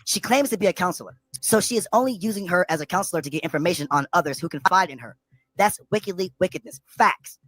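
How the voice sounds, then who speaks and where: Fast, high-voiced ranting man. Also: expressive, a bit bright, no echo. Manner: profane, rapid and repetitive. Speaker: streamer. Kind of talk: ranting commentary.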